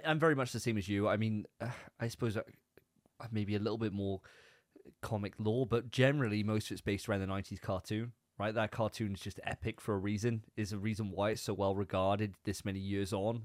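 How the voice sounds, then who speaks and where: A man's voice: fairly low pitch, no room sound. Guy rambling on a podcast, stumbles and repeats, dry mic. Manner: animated, rambling, repeats words. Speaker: podcast co-host. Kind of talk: casual chat.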